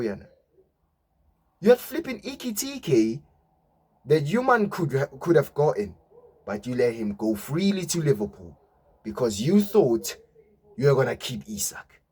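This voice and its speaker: A man's voice: medium pitch, sing-song, normal speed, darkish tone, husky. A young man, a football fan vlogger giving a mocking, swearing rant and tagging his lines with "yeah?". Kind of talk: ranting fan reaction.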